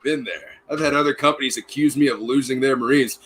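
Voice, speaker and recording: A man's voice: mid-range voice, fast talker, fairly bright tone, a little hiss or hum. A man in casual podcast chat, rambling through rowdy military anecdotes with lots of swearing and acted-out quotes. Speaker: podcast host.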